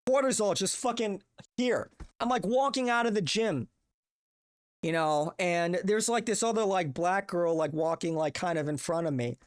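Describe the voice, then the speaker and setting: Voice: medium pitch, normal speed. A young adult streamer ranting casually, profane, exasperated and rambling. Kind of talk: casual livestream rant.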